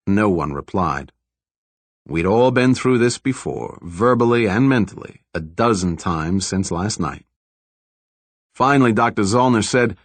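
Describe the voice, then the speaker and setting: A man narrating a first-person thriller audiobook in a wry, sardonic, deadpan tone. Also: on the low side, measured pace, no echo.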